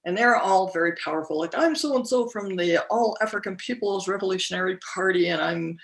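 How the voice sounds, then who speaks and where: A middle-aged woman recounting a personal story as a podcast guest, speaking haltingly with many fillers and restarts. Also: mid-range voice.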